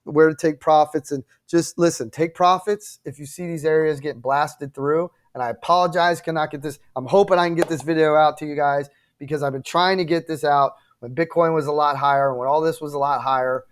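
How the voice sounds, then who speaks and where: A man's voice: fairly high pitch, fairly even intonation, brisk, few pauses. Emphatic man talking through trading charts. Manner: emphatic, repetitive, addresses viewers directly with frequent "okay?" and "right?"; apologetic and frustrated at times. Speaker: crypto trading channel host. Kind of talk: casual chart walkthrough.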